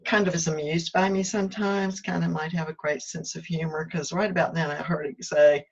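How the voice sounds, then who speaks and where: A woman with a somewhat low, husky voice talks in a chatty, self-deprecating way. She drifts between confiding asides and little acted-out exchanges with herself. The sound is muffled and lo-fi. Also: fairly even intonation, brisk. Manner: chatty, candid, self-deprecating, acts out her own inner dialogue. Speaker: spiritual self-help host. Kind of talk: casual reflective monologue. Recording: muffled lo-fi recording.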